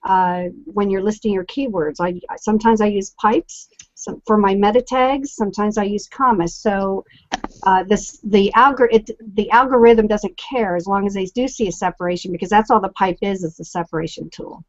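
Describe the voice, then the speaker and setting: A woman's voice: medium pitch, moderate pace, no echo. Chatty woman explaining stuff on a web show, dry close sound, kinda lo-fi. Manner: chatty, explains with examples, many fillers. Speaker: co-host. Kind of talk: casual online show discussion. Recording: dry, lo-fi call audio.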